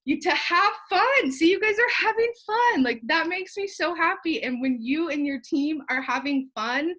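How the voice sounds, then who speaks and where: A woman's voice: very high voice, animated, moderate pace, hardly any pauses, fairly bright tone. A young woman, feverish, giving a rambling, fired-up motivational talk to her sales team, joking and swearing casually. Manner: fired-up, rambling, profane and jokey, with asides and laughs. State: sweaty and feverish. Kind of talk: motivational live video talk.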